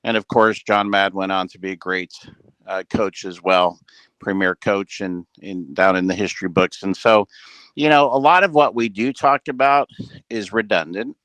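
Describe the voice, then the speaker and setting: A man with a fairly low voice gives an earnest, rambling motivational talk to his team over a video call. He leans on fillers and restarts as he builds his points. The sound is dry and close, with no room around it. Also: normal speed, a bit bright, dry recording. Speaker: business leader addressing a team call. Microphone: headset with ear monitor.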